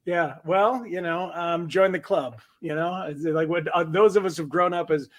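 A man's voice: fairly high pitch, normal speed. A man hosting an interview, chatty and filler-heavy as he asks questions. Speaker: interview host. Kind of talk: conversational interview.

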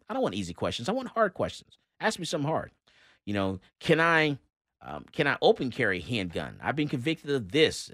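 A male talk radio host, lecturing and joking in an animated, emphatic way. His voice jumps around wildly in pitch and stays bright and forceful. The studio sound is dry and close. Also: no echo. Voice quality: animated, emphatic, laughs often. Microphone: studio microphone.

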